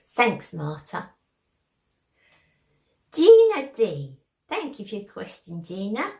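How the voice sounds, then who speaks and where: A woman's voice: mid-range voice, wildly swooping pitch, takes it slowly, creaky, darkish tone, roomy sound. An older woman with a Cockney accent from London's East End, chatting affectionately to her viewers in a beauty vlog. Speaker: beauty vlogger. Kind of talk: casual chat to camera.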